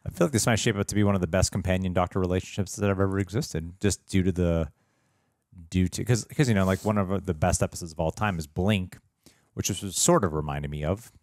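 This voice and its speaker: A man co-hosting a TV reaction show, chatting casually with deadpan jokes. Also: low voice, brisk, no room sound, studio quality. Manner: deadpan joking, rambling tall tales. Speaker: co-host of a reaction review show. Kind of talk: casual chat.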